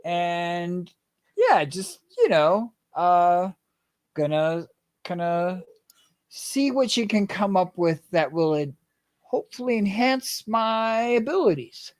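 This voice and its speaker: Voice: medium pitch, big pitch swings, slow, no echo. Casual player in a tabletop game, dry sound. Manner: casual, rambling.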